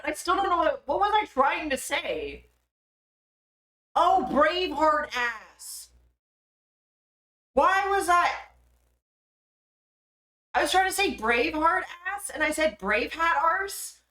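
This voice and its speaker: A woman's voice: extremely high pitch, lively intonation, brisk, a bit bright, reverberant. A young woman streaming live, chatting casually and swearing freely as she laughs at herself.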